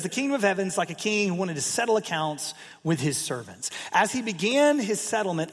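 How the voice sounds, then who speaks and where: Pastor, male, expressive storyteller; husky voice, long hall reverb. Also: on the high side. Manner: expressive, emphatic storytelling with asides. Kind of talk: sermon.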